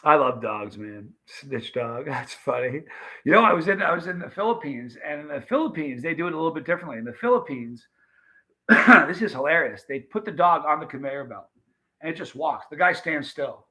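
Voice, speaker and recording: A man's voice: fairly high pitch, pushed and bright, rough recording. A man from the United States hosting a live stream, telling a rambling story in a chatty way and talking straight to his viewers. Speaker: livestream host.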